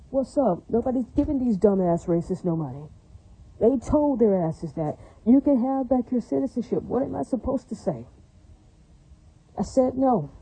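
Husky, very dark-voiced ranting woman. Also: fairly high pitch, low-quality recording. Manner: ranting, repetitive, keeps asking "does that make sense". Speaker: vlogger. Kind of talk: angry rambling monologue to viewers.

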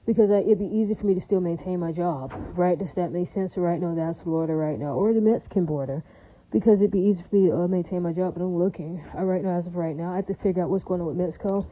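A woman's voice: on the low side, fast, mellow, a little hiss or hum, rough recording. A woman vlogging in a casual, rambling monologue, blunt and crude, with many fillers, who keeps asking her listeners "right?". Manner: chatty, keeps asking "right?" and "does that make sense?".

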